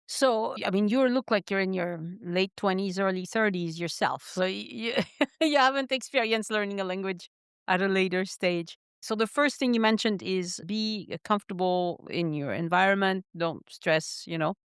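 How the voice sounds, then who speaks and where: A woman's voice: medium pitch, normal speed, smooth, no room sound, clean studio sound. A woman hosting a podcast interview, frank and emphatic in her opinions, speaking English as a learned language. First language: not English. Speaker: podcast host. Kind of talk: interview conversation.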